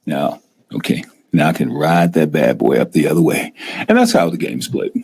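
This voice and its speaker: A middle-aged man hosting a casual live-stream talk show, animated and often acting out scared investors in a raised voice. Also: a bass voice, moderate pace, creaky, breathy edge. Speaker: host.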